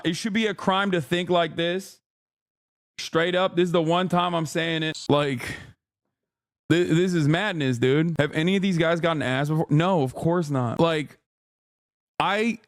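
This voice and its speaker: A man in his thirties streams his reactions in a loose, profane, sarcastic rant, now and then shouting in mockery. His voice sits high for a man. The sound is dry and close to the mic. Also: no echo. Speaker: political streamer. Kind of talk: casual reactive stream commentary.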